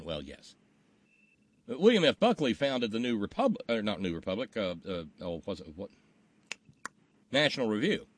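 A man's voice: mid-range voice, big pitch swings, moderate pace, pauses often, no room sound. A man hosting a political talk show, blunt and wry, swearing casually as he reads listener questions.

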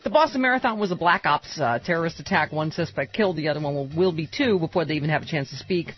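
A woman hosting a talk radio show, trading quick jokes with her co-hosts and taking callers. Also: low-pitched, animated, lo-fi sound, soft background music. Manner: wisecracking, quick to laugh. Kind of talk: talk radio banter and call screening.

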